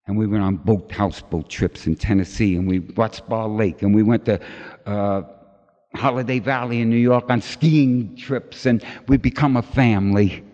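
A middle-aged man at a recovery meeting shares his personal recovery story with animation, imitating the voices of the people involved. His voice sits on the low side and moves at a moderate pace. The lo-fi, dull recording captures a long reverb as he speaks in a large hall.

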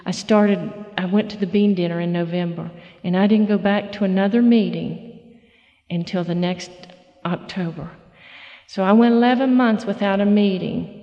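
Folksy middle-aged woman, mellow. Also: medium pitch, big-room sound, lo-fi sound. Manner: folksy, halting storyteller with many fillers and restarts. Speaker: speaker at a recovery meeting. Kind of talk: personal testimony talk.

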